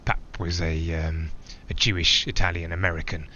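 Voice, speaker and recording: A man's voice: deep voice, flat delivery, moderate pace, sharp tone, muffled recording, slight background noise. An actor playing a man flying alone, who talks in a reflective, digressive way with small hesitations. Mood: musing. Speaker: narrator-pilot. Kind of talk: theatrical monologue.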